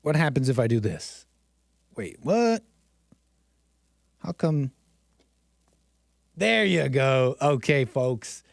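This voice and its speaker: A man's voice: mid-range voice, very animated, takes it slowly, vocal fry, pauses often, no echo. A man hosting a live-streamed commentary show, talking in a theatrical, mock-dramatic way and repeating phrases for effect.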